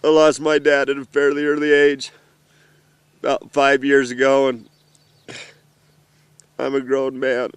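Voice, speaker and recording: A middle-aged man speaks to his children from an off-road vehicle in the mountains, earnest and emotional, often halting. His voice is smooth and clear, with a steady, narrow pitch, and it sounds dry and close to the mic. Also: no echo. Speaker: father addressing his children. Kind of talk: heartfelt personal message.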